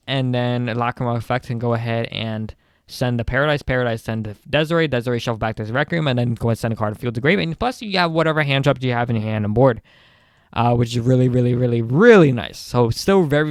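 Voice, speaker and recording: A young man walks through card game combos in a loose, rambling tutorial, often correcting himself and doubling words for emphasis. His voice comes through smooth and clear, recorded dry and close to a desk mic. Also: mid-range voice, no echo. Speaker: card game deck guide creator.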